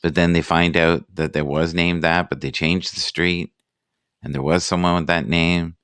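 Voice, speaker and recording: Man, very deep voice, dry close sound, casual live chat host, musing, self-deprecating. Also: flat delivery, a bit bright, smooth, no room sound. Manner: musing, self-deprecating, reads out sayings slowly.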